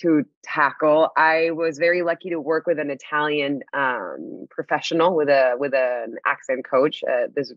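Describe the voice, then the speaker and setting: Animated, laughing woman on a dull line. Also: low voice, normal speed, few pauses, no room sound. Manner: animated, laughs often, many restarts. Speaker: actress guest. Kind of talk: casual interview chat.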